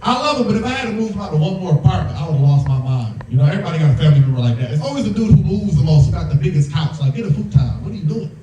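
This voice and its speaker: A young man performing a stand-up comedy set, telling animated stories and acting out quoted voices, recorded on stage with an audience laughing. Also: a little high, rapid-fire, few pauses. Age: young adult. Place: stage before a live audience. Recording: roomy hall, distant mic, crowd laughter.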